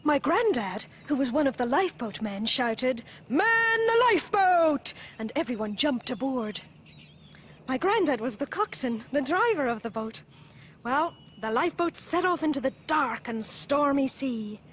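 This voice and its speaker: A British woman presenting children's TV and telling a story in an expressive, playful way. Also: high voice, moderate pace, slight background noise.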